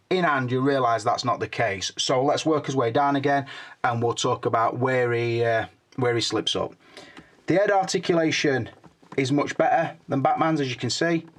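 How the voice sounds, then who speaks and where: A man's voice: medium pitch, a bit bright. An older man, chatting frankly through a hands-on toy review and swearing casually.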